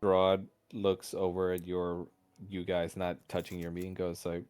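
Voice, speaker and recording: A man narrating a tabletop game as game master, in a relaxed storytelling manner. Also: low voice, unhurried, smooth.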